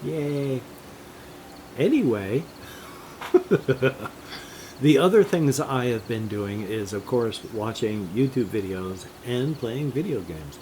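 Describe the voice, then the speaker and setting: Older man, rambling gaming vlog, slow drawn-out talk, easygoing chuckles, faint background hiss. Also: mid-range voice, big pitch swings, dark tone. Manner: slow, meandering, jumps between topics with chuckles. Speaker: gaming vlogger. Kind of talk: rambling casual monologue.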